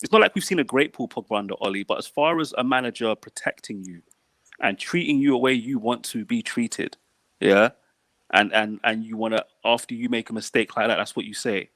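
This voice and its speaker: A man's voice: mid-range voice, fairly quick, fairly bright tone, no room sound. A man on a football panel, blunt and dismissive in casual debate. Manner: blunt, dismissive, laughs easily. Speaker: football pundit.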